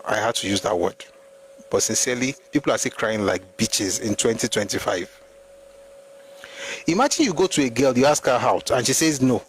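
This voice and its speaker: A Nigerian-accented man hosts a live history talk at a mid pitch. He argues hard, firing off rhetorical questions and answering them himself. A faint noise sits under his voice. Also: lively intonation, normal speed, poor audio. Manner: argumentative, full of rhetorical questions. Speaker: host.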